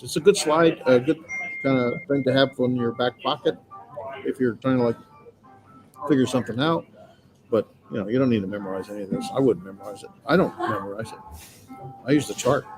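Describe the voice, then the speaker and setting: A male instructor gives a patient, reassuring classroom lecture in an everyday mid-range voice. He talks things through with plenty of filler sounds as he explains. Music plays clearly behind him. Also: medium pitch, poor audio. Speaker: Greek grammar instructor. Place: classroom with students.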